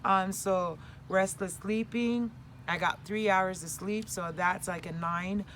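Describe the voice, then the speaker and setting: A middle-aged woman talking candidly and casually to the camera outdoors, sharing coping skills in an animated way and swearing now and then. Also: medium pitch, slow, slight background noise.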